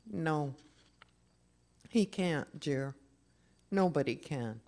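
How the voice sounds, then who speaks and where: A gentle older boy in a read-aloud storybook, choked up and speaking softly to his brother, as a reader puts him on. His voice sounds thick, and he talks slowly with lively rises and falls. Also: mid-range voice. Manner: soft, quiet and slow.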